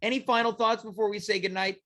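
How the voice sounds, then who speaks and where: High-voiced joking male talk show host. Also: fairly even intonation, quick pace, a bit bright. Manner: jokey, hammy announcer bits. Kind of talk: casual comedic chat.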